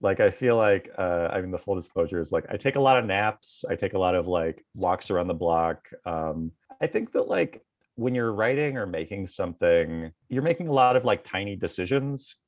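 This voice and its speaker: A man's voice: sits low, expressive, moderate pace, no room sound. A man in his thirties, a comedy writer, answering interview questions in a rambling way full of fillers.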